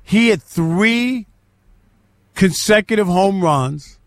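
Emphatic high-voiced male sports host. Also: animated, slow pace, no room sound. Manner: emphatic, repeats key phrases for stress. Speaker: sports talk show host. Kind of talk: casual sports debate.

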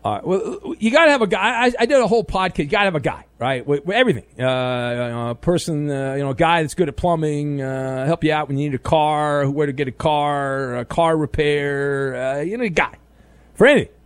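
A man's voice: fairly high pitch, lively intonation, fairly quick, smooth, no room sound. Dry, playful sports radio host, a man. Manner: playful, teasing, bursts into mock outrage. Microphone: studio microphone.

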